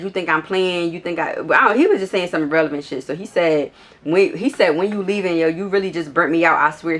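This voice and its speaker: Low-voiced sassy woman telling a story. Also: fairly bright tone. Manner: blunt, profane and sassy. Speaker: vlogger. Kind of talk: casual storytime.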